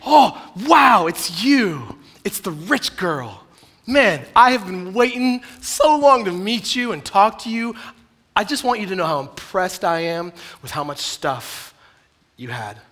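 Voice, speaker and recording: A man voicing an overexcited male divine figure who gushes with mock admiration in a loud, high, exaggerated voice. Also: big pitch swings, very fast, hardly any pauses, full character voice. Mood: gushing sarcastic. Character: gushing overexcited male divine greeter, sarcastic.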